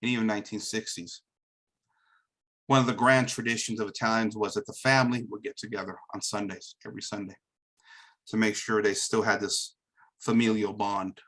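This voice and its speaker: A man's voice: fairly low pitch, flat delivery, a little fast, a bit bright, low-quality recording. A man from America hosting a live commentary monologue, emphatic and preachy, often tossing in "right?". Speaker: host.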